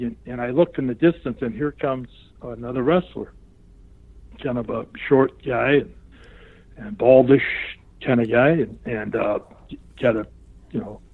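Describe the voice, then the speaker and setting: An older man recounts a story in a relaxed interview. He acts out the voices of the people in it and keeps breaking into laughter. His voice comes through thin and tinny, as if over a phone line. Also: medium pitch, slightly rough, no room sound. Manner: animated storyteller who acts out the other people's lines; laughs often while telling the story. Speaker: wrestling guest telling a story. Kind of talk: casual anecdote in a remote interview.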